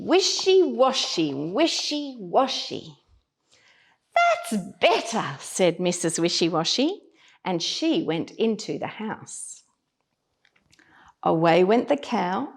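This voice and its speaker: A woman reading a picture book aloud to young children, slow and expressive, doing voices for the animals. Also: mid-range voice.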